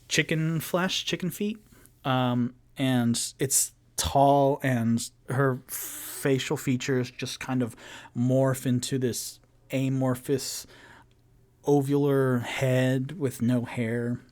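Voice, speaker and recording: A man's voice: mid-range voice, a little mellow. A man narrating and hosting a live-streamed tabletop game, talking casually with lots of fillers. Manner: casual, rambling, filler-heavy. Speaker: game master and show host.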